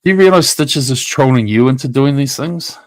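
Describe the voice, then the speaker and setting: A man's voice: mid-range voice, brisk. Profane, taunting man ranting on stream. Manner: talks straight at a rival, repeats himself. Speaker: YouTube livestreamer. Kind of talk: livestream rant.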